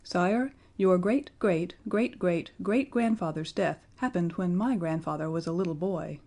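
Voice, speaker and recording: A solemn old prime minister, grave and slow, explaining matters to a boy king in a storybook, as a woman puts him on. His delivery stays measured and mellow. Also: on the low side.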